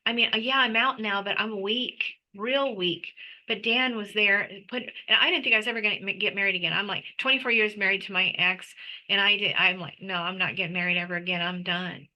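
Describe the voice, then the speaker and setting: A woman guest telling her personal story in an emotional, animated way, full of restarts. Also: mid-range voice, brisk, muffled recording. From United States. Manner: animated, breathless retelling with restarts.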